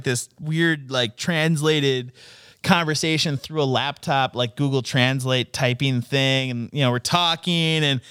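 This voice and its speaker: A young man telling a story in casual chat, animated and profane, laughing a lot and acting out what people said. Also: on the high side, clear, resonant tone, no room sound, clean studio sound. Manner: animated, swearing, laughing often, acting out quotes.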